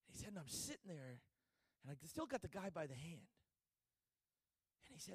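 A man's voice: a little high, big pitch swings, normal speed, breathy edge, no echo, clean studio sound. A man preaching a sermon, telling a story dramatically and acting out the people in it.

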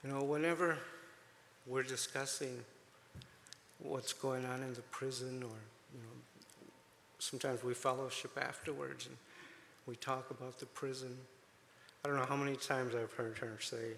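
A man giving a chatty, emotional testimony to a congregation, with many fillers and gentle jokes. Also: medium pitch, fairly even intonation, unhurried, vocal fry, pauses often, big-room sound, a little hiss or hum. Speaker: church volunteer speaking to a congregation.

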